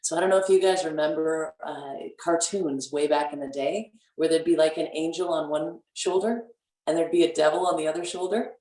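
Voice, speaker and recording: A woman guest on a radio talk show, speaking casually and playfully, acting out inner voices with big jumps in pitch. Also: fairly even intonation, a little fast, mellow. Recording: echoey, distant from the mic.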